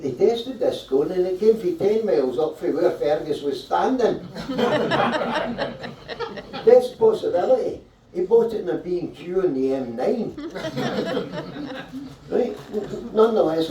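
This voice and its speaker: A man doing stand-up comic storytelling at a live show, chatty and irreverent, with swearing and frequent checks of "right?". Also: sits high. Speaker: stand-up comedian. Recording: roomy, distant mic at a live show.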